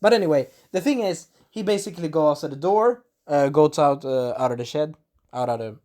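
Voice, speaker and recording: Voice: mid-range voice, fairly quick, warm tone. An anime reviewer rambling through an episode recap in casual chat, swearing and acting out quotes.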